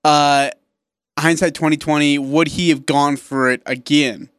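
A male sports radio co-host with a fairly high voice, chatty and quick to laugh. The studio sound is dry and close, with no room echo. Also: steady tone, fairly bright tone, smooth. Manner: joking, laughs easily.

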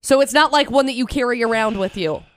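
Upbeat high-voiced female radio co-host. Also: a little hiss or hum. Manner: upbeat, playful quiz-running, spells words out slowly. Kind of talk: casual radio banter.

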